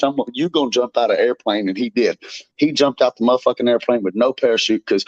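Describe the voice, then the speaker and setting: A bare knuckle fighter with a mid-range voice and quick pace guests on a show, trash-talking his opponent. He's boastful, fired up and swearing nonstop in brash, profane bursts. The recording is dry and slightly dull.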